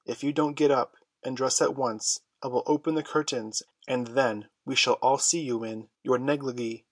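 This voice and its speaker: A man plays a boy leader giving orders, short and sharp, expecting to be obeyed. The voice is husky and recorded close and dry. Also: mid-range voice, fairly even intonation, a little slow, dry recording. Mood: stern. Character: commanding boy leader, stern.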